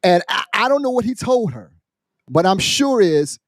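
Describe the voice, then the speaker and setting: A man, a military veteran, on a podcast, casually telling a story in an animated, profane way and acting out the people in it. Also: high-pitched, fast, no echo, studio quality. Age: adult, military veteran. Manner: animated, profane, acts out quoted voices. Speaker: podcast co-host.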